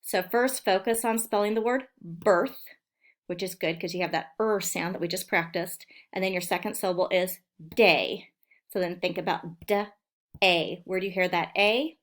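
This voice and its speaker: A woman teacher giving a recorded phonics lesson to young children, sounding out words slowly and clearly. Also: on the low side. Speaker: elementary school teacher.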